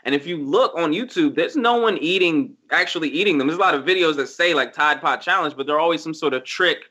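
A man holds forth in casual podcast chat with a high, forceful, bright tone. He argues in emphatic bursts and swears freely. The recording sounds dull and lo-fi. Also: fairly quick.

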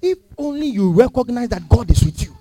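A male pastor delivers an emphatic sermon, firing rhetorical questions at his congregation. His voice sits high and swings widely up and down, with a mellow, dark tone. The sound is dry and close. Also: big pitch swings, a little fast, dry recording. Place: church.

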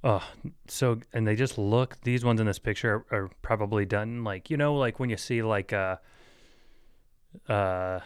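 This is a man talking on his own podcast, his voice low-set and smooth, recorded close and dry with no room around it. He wanders from thought to thought with lots of "like" and "uh", chuckling at his own jokes. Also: measured pace, no echo. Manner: rambling, filler-heavy, laughs at his own jokes; joking, mock-serious asides. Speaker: podcast host. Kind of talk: solo casual podcast rambling.

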